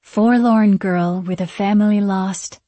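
A mysterious unseen spirit who chants a rhyming incantation slowly and deliberately, as a woman narrator puts it on. The voice is husky and slightly breathy, in a dry, close recording. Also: medium pitch, dark tone, no echo. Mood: eerie.

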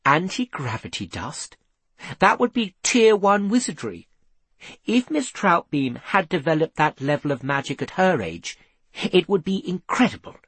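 A man reading aloud, voicing a composed, thoughtful woman investigator in an earnest, measured way. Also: a little high, very animated, a bit bright, slightly rough, dry recording, pitched above the performer's own voice, exaggerated voice.

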